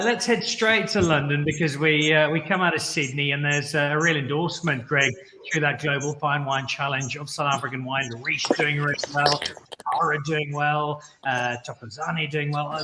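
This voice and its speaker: A man's voice: fairly high pitch, steady tone, moderate pace, sharp tone, reverberant, a little hiss or hum. A man hosting a live wine show, chatty and upbeat, who introduces guests and jokes with them. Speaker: show host.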